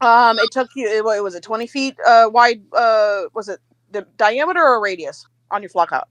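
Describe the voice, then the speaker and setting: A woman's voice: a little high, normal speed, no room sound. Lady running a tabletop game, chatty, lots of ums and laughs, dry close mic. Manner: chatty, lively, with hesitant fillers and chuckles. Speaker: game master.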